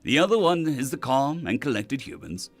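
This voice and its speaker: A man voicing a calm, confident male human ambassador in a storybook reading. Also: mid-range voice, faint music behind. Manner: calm, measured.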